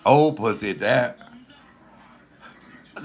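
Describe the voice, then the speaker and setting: A man telling a raunchy personal story as a comedian, loud and profane, while cooking. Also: lowish voice, sing-song, moderate pace, gravelly.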